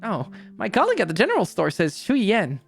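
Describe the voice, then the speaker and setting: Streamer voicing a cheerful young gyaru woman, visual novel lines, lively voice, soft background music. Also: mid-range voice, a little fast, vocal fry, voice pushed up. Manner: cheerful, chatty, upbeat. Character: bubbly young woman, gyaru-like hookah fan.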